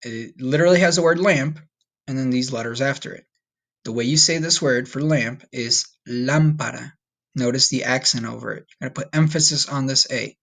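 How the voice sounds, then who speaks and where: A man teaching a recorded Spanish vocabulary lesson, patient and upbeat, slowing down to repeat each word. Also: medium pitch, gravelly, a bit bright. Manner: patient, slow repetition drills with upbeat asides.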